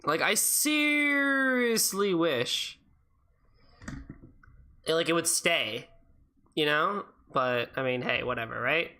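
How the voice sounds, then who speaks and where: Low, hoarse woman streamer. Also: lively intonation, takes it slowly, pauses often, sharp tone. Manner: chatty, rambling, swears freely. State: hoarse throat. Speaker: let's-play streamer. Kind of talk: casual gaming chat.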